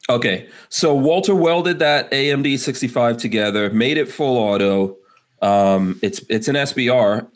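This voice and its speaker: A man's voice: medium pitch, moderate pace. Male podcast host, casual rambling chat, frequent laughter. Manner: laughs often, loose rambling delivery.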